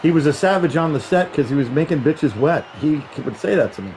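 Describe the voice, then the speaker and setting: Wrestling co-host guy, slightly high voice, crude jokes and rambling stories. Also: lively intonation, brisk, a little mellow, a little hiss or hum, low-quality recording. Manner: crude, playful storytelling. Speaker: wrestling co-commentator. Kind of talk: casual ringside commentary.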